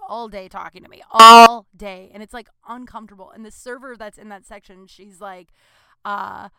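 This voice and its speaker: Young woman comedian, smooth clear voice, dry close sound, chatty rambling storyteller. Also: mid-range voice, pushed and bright, dry recording. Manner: chatty, rambling, self-deprecating asides. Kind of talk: comic storytelling.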